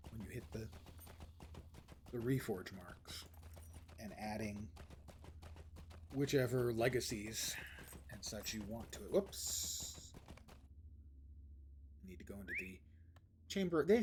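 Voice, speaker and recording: A man's voice: fairly low pitch, background noise. A middle-aged man streaming a game, thinking aloud in a musing, wry, rambling way with sighs. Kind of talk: casual gameplay commentary, thinking aloud.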